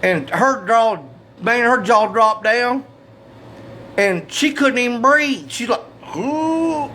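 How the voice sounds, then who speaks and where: High-voiced folksy storyteller. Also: male voice, pushed and bright, slight background noise. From Southeast Missouri. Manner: folksy, salty, drawn-out punchlines. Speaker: comedic storyteller. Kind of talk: comic storytelling monologue.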